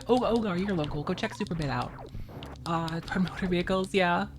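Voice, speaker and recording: A woman's voice: lowish voice, fairly quick, faint music behind. Chatty, laughing woman game streamer. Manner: chatty, laughs often, reads and thanks viewers' chat. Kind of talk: casual live-stream chat while playing.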